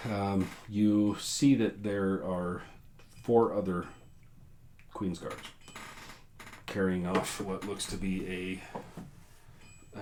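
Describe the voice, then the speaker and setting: Deep-voiced man running a tabletop game. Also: a little hiss or hum. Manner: relaxed, rambling, many filler sounds. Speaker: game master.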